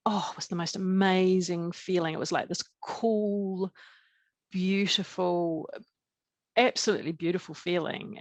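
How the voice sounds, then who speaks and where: A middle-aged woman from New Zealand speaks with a Kiwi accent, telling her story in an earnest, halting way, full of fillers and restarts. Her voice sits low and carries a gravelly fry. The sound is close and dry. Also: no room sound. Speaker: podcast guest. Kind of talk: recounting a personal experience in an interview.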